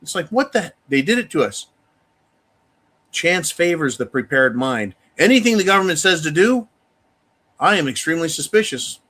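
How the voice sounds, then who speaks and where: A man with a high-ish, very animated voice, pushed and bright, speaks at a moderate pace while hosting a live talk stream. He rants bluntly with profanity, reads viewer donations, and addresses his viewers and donors directly.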